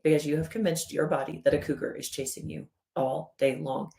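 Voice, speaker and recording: Animated woman explaining with a chart. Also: deep voice, brisk, gravelly. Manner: animated, acts out the body's inner voice in quotes. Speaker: wellness educator.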